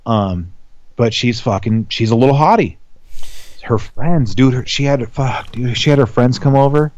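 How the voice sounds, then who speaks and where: A man's voice: mid-range voice, moderate pace, no echo, dull audio. A man in his thirties, a podcast guest, telling stories in casual chat, swearing a lot and acting out quotes. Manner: animated, profane, acts out quotes in raised voices.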